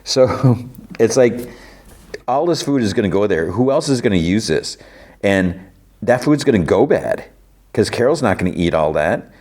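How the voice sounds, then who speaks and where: A man's voice: on the low side, expressive, normal speed, a little mellow. A man hosting a podcast, casually recapping a TV episode in a rambling way full of fillers. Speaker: podcast host.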